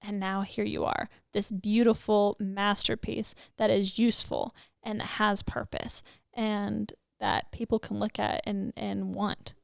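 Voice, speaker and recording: A woman in a casual faith conversation, gently affirming what was said. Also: medium pitch, flat delivery, a little slow, gravelly, no echo, clean studio sound. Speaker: ranch crew member.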